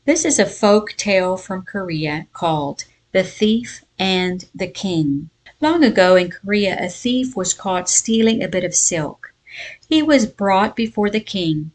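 A woman giving a devotional Bible lesson and reading a folk tale aloud in a measured storytelling voice. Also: medium pitch, animated. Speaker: Bible teacher.

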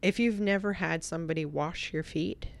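A woman telling an emotional personal story as a podcast guest, swinging from animated bursts to hushed, reflective passages. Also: lowish voice, moderate pace, creaky.

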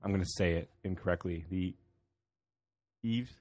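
A man hosting a casual local podcast, chatty, with quick asides and many fillers, speaking. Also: deep voice, a little mellow, dry recording. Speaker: podcast host. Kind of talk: casual chat.

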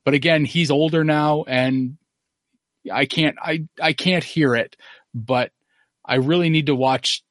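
A man's voice: fairly high pitch, steady tone, a little slow, fairly bright tone, dry recording, clean studio sound. A man hosting a podcast in casual chat, rambling and opinionated. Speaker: podcast host.

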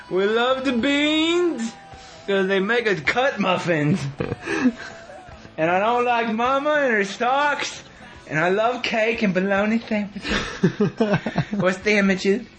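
A man doing a silly high-pitched cartoon alien villain voice, rambling nonsense in a podcast bit. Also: lively intonation, takes it slowly, long pauses, a bit bright, soft background music, heavily acted. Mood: goofy. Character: cartoon alien mantis villain, male, boastful.

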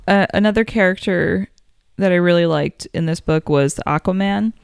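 A woman co-hosting a podcast in a casual, enthusiastic chat, laughing easily. Her voice sits a little low and sounds smooth. The recording is close and dry, with no room sound. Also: dry recording. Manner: enthusiastic, animated, quick to laugh. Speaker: podcast co-host.

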